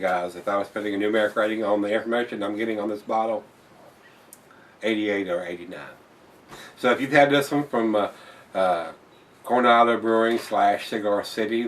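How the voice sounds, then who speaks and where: A man's voice: lowish voice, far from the mic, a little hiss or hum. A man reviewing a beer in a casual vlog, blunt and plain-spoken, swearing when annoyed and repeating himself.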